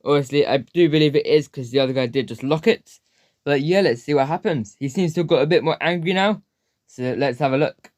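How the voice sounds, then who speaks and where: Guy narrating a reaction vid, unsure, hedges everything, slightly high voice, dead dry sound. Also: fairly quick, a little mellow, no room sound. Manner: hesitant, hedging, repeats "obviously". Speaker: reaction video host. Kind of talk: reaction commentary.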